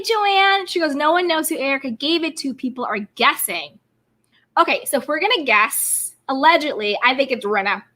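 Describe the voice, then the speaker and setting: American woman, high bright voice, chatty livestream host, reads viewer comments. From United States. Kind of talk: casual live chat commentary.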